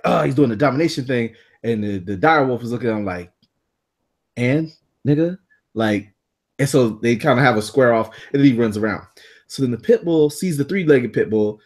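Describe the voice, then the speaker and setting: A man co-hosting a podcast, telling a story in a casual, animated way, swearing freely and acting out the people in it. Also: medium pitch, slightly rough. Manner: animated, profane, acts out voices. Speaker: podcast co-host.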